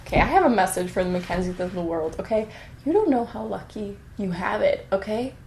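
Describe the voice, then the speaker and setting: A young woman vlogging casually and reading her old writing aloud in a self-mocking, animated way. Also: medium pitch, a little fast, creaky, a little hiss or hum. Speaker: YouTuber. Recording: echoey room with faint music.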